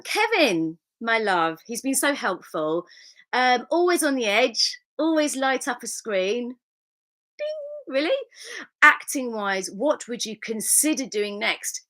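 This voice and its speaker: A woman's voice: on the high side, lively intonation, measured pace, a bit bright. A middle-aged woman, an actress chatting candidly with fans as she reads out their comments, laughing often. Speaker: actress hosting a live fan Q&A. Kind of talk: casual chat reading viewer comments.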